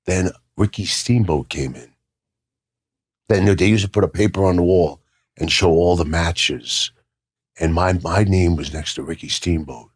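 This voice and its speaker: An older man, a retired wrestler, telling animated stories as an interview guest and repeating words when he gets excited. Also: sits low, normal speed, slightly rough.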